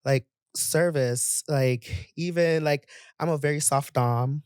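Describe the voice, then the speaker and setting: A man talking as a podcast guest in casual chat, animated and rambling. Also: on the high side, slow, clean tone, dry recording, clean studio sound. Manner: animated, laughing, rambling with restarts.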